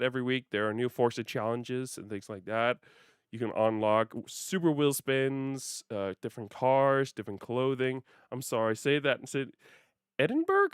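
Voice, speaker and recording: A man's voice: medium pitch, clear, resonant tone, no room sound, studio quality. A man livestreaming a racing game, chatting casually and playfully with his viewers and laughing often. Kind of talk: casual gaming livestream chat.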